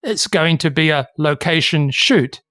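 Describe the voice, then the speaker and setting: A podcast co-host tells history in a steady, explanatory way. The voice sits at a middling pitch. It is recorded close and dry, with no room echo. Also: measured pace. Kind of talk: casual history podcast chat.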